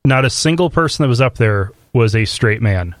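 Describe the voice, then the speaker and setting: A man co-hosting a casual podcast, talking with many fillers and restarts, then walking through a topic in a steady explaining voice. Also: mid-range voice, normal speed, dry recording. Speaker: podcast co-host. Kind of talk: casual chat and explainer segment.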